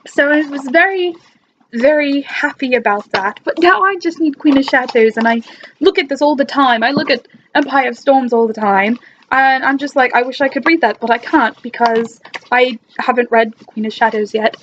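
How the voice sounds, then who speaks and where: A woman's voice: sits high, moderate pace, a bit bright, muffled recording, slight background noise. A young woman chatting in a casual vlog, talking in an imitated British accent. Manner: chatty and enthusiastic, with frequent restarts. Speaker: book vlogger.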